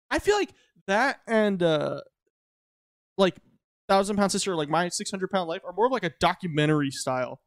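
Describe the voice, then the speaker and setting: A man with a high voice co-hosts a casual podcast. His talk is slangy and irreverent, full of casual swearing. The sound is dry and close to the mic. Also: sing-song, normal speed, no room sound. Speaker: podcast co-host.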